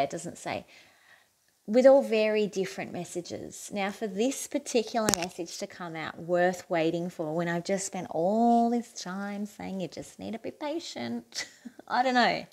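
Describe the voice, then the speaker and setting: A woman giving a casual, chatty tarot reading to camera, encouraging and quick to laugh at herself. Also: medium pitch. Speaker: tarot reader.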